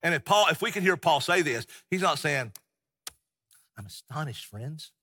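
A middle-aged pastor preaches with passion and folksy emphasis. His voice is bright and husky. It carries a long reverb through the church. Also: on the high side, expressive, fairly quick. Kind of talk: sermon. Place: church sanctuary.

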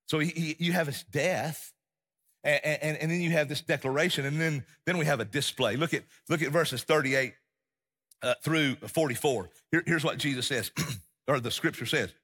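Pastor guy preaching, fired up then going quiet, slightly high voice. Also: moderate pace, breathy edge. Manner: impassioned, repeats phrases for emphasis, drops to a hush. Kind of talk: sermon.

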